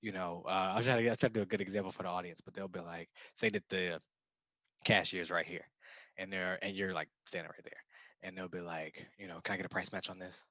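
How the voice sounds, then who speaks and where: A man's voice: low-pitched, steady tone, fairly quick, fairly bright tone, no room sound, lo-fi sound. A man co-hosting a podcast, telling stories animatedly in casual chat and laughing often. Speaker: podcast co-host.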